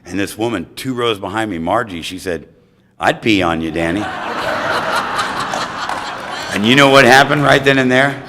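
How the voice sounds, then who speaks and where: Animated American man telling his story. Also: lowish voice, normal speed, pauses often. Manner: animated, acts out voices of others. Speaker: recovery meeting speaker. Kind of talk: storytelling talk at a recovery meeting.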